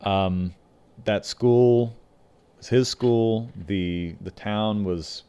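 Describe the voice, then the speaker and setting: This co-host's lowish voice is dark and smooth, with drawn-out words, and the recording sounds muffled. He casually recounts behind-the-scenes anecdotes about a film on a podcast, slipping into quoted voices.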